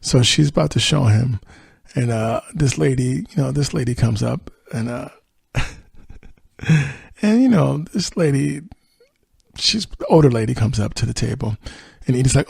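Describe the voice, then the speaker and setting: A man's voice: mid-range voice, moderate pace, vocal fry, a little mellow, slightly rough, dry recording. A man hosting a podcast, recapping a TV episode in a rambling, casual way with fillers and chuckles. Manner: rambling retelling with fillers and laughs. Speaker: podcast host.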